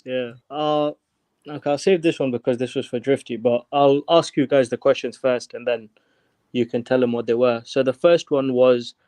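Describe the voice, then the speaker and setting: A man calling in to a show, hesitant with plenty of pauses and uhs. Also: mid-range voice, fairly even intonation, a little mellow, no echo. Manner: hesitant, lots of uh. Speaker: caller. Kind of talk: call-in question.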